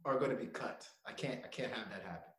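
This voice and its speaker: Animated young man telling a story. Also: medium pitch, quick pace. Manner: animated storyteller, laughs often, acts out quotes. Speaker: podcast co-host. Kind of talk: casual chat. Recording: echoey room.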